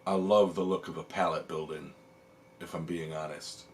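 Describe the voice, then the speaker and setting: A man hosting a casual livestream, relaxed and rambling, chuckling often as he reads the chat. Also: rumbling low, normal speed, a little hiss or hum. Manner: relaxed, rambling, lots of ums. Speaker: livestream host.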